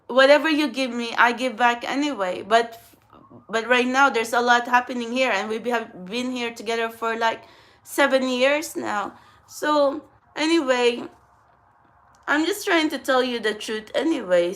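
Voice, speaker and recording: A woman's voice: on the high side, fairly bright tone. A young woman talking to her viewers in a casual get-ready-with-me vlog, blunt and rambling, swearing often. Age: young adult. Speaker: spiritual channel host.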